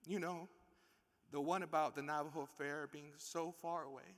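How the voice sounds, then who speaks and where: A man's voice: a little high, steady tone, normal speed, fairly bright tone. A man reading a letter poem aloud at a conference reading, emotional and stopping to laugh and start over. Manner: emotional, stops to laugh and restart. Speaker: poet reading. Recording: reverberant hall.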